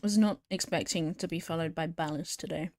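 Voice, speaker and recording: A woman's voice: low voice, steady tone, brisk, darkish tone. A British woman chatting casually with viewers on her live stream as she works, often laughing. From Britain. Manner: chats with viewers while working, laughs often.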